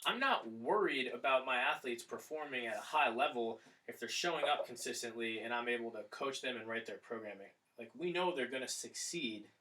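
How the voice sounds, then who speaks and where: A man talks through training in a loose, rambling way, pausing on fillers as he thinks. His tone is bright and forceful, with a middling pitch. The mic sits a little away from him. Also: expressive, recorded from a distance, poor audio. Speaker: strength coach and podcast host. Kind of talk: casual podcast chat.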